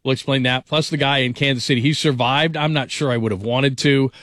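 A man's voice: medium pitch, fairly even intonation, fairly quick, a bit bright, no room sound, clean studio sound. A man hosting a national sports radio show, enthusiastic and heavy on superlatives.

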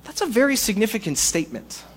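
A man preaching a sermon to a congregation, in a conversational, animated way with playful asides. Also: high-pitched, fast, breathy edge. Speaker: pastor.

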